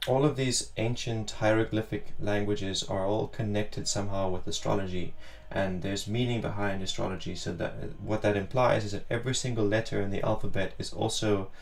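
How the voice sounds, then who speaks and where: A man's voice: lowish voice, steady tone, moderate pace, gravelly, hardly any pauses. A man hosting a casual livestream chat, explaining ideas at length and reading comments aloud. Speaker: livestream host. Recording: distant from the mic, faint music.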